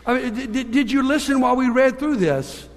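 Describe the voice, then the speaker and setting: A man with a high voice preaches in a church. He tells his stories in an animated way and swings from quiet to forceful. His voice rings with the long reverb of a large hall. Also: fairly quick. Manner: animated storyteller, shifting between hushed and emphatic. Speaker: pastor. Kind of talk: sermon with storytelling.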